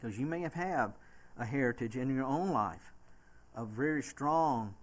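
A man with a Southern US accent preaching a sermon as a pastor, reading scripture aloud slowly and swinging from soft, low delivery to loud, emphatic preaching. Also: lively intonation.

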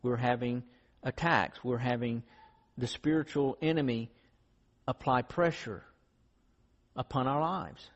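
A man's voice: medium pitch, a little slow. A man preaching a sermon in an earnest, conversational storytelling way. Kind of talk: sermon with closing prayer. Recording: dull lo-fi sound in a reverberant hall.

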